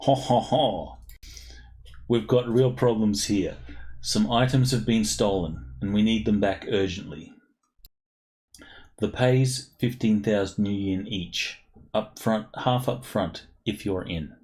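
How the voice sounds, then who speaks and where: A man voicing a brisk, businesslike orc woman who is a security captain, with a forced laugh. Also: on the low side, close to an everyday voice.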